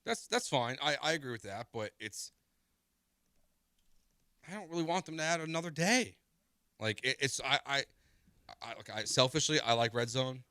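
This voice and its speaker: A man's voice: mid-range voice, expressive, normal speed, long pauses, sharp tone, no echo, clean studio sound. A man co-hosting a sports talk radio show, emphatic and given to repeating himself.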